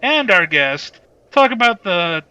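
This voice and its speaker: A man co-hosting a comedy podcast, joking in a deadpan, playfully absurd way. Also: sits high, slow, smooth, muffled recording. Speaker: podcast co-host. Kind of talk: casual comedy podcast chat.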